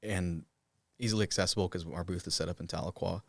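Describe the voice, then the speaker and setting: A young man from the Cherokee Nation with a deep, low voice talks loosely as a guest in a casual interview, filling his sentences with "like"s and small restarts. The sound is close and dry, with no room around it. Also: steady tone, fast, vocal fry, dry recording. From Cherokee Nation, Oklahoma. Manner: loose, filler-heavy talk, many "like"s. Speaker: voice actor guest.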